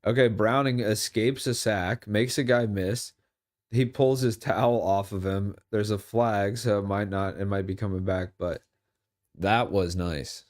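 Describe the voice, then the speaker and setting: A man's voice: fairly low pitch, a little slow. Casual young man rambling about football. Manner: rambling, jokey, bursts into excited yells at big plays. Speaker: streamer watching football. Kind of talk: casual live-stream commentary.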